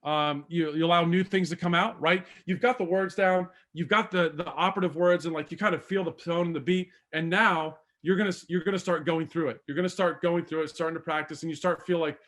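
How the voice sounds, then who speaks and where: Man, seminar speaker, slightly high voice, chatty, rhetorical questions. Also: fairly quick, a bit bright. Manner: conversational, asks the audience questions, many fillers. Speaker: speaker coaching doctors on presentations. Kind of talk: live seminar talk.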